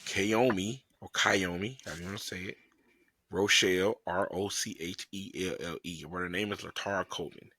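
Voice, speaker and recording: A man's voice: low-pitched, fairly even intonation, quick pace, pushed and bright, husky, no room sound. A man co-hosting a sports podcast, chatting in an easygoing, enthusiastic way. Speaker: podcast co-host. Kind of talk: casual sports podcast chat.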